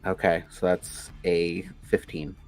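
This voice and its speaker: A man's voice: deep voice, little pitch movement, slow, a little mellow, faint music behind. A man playing a tabletop role-playing game, chatting casually and thinking aloud with hesitations. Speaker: player.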